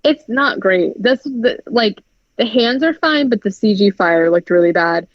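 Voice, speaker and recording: Woman, podcast co-host, casual movie recap, filler-heavy and profane, mid pitch, dry close sound, muffled lo-fi audio. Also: animated, measured pace, no room sound. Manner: chatty, heavy "like" filler, frequent swearing.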